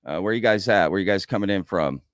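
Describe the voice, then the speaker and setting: A man's voice: low voice, fast talker, dry recording, clean studio sound. A man with an American accent hosting a casual livestream, chatting loosely and reading out viewers' comments. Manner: chatty, reads out viewer comments, says "y'all". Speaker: livestream host.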